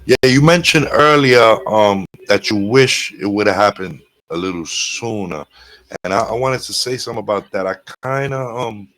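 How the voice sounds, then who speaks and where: A relaxed male interviewer who keeps things informal, calling his guest man and bro. His voice sits a little low. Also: moderate pace, rough recording. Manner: laid-back, says man and bro often. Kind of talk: casual interview.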